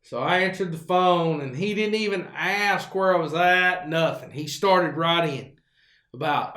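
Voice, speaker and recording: A man's voice: fairly high pitch, measured pace, pushed and bright, roomy sound. A man, hosting his own show and telling a rambling, folksy story full of fillers and restarts. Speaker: show host. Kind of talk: casual storytelling monologue.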